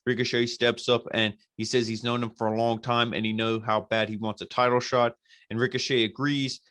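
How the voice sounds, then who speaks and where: A man's voice: mid-range voice, flat delivery, fairly quick, a bit bright, no room sound. A man hosting a podcast, recapping a show casually in a blunt, profane, exasperated way. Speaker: podcast host reviewing wrestling.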